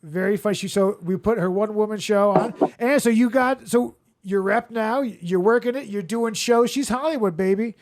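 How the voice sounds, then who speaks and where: A man's voice: high-pitched, moderate pace, few pauses, a little mellow. An enthusiastic man hosting a comedy podcast in casual chat. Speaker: podcast host.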